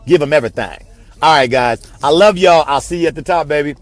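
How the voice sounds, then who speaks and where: A man's voice: a little high, fast, dry recording, faint music behind. A man giving a passionate, repetitive motivational talk on a live video stream, like a preacher. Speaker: network marketing speaker.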